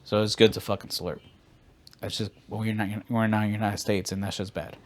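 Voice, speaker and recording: A man's voice: lowish voice, flat delivery, fairly quick. A man co-hosting a podcast, telling long rambling stories in casual, profane chat. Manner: profane, rambling storytelling with many fillers. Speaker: podcast co-host.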